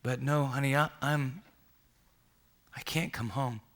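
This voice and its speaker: A soft, halting father who stammers as he breaks hard news, as a preacher acts him out. His voice stays quiet and bright, with tense restraint. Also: medium pitch, fairly even intonation. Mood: pained.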